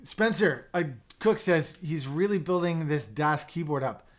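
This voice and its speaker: Young male livestream host, slightly higher voice, excitable and rambling with quiet mumbled asides. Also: unhurried. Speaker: livestream host reviewing keyboards. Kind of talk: casual livestream chat reading viewer comments.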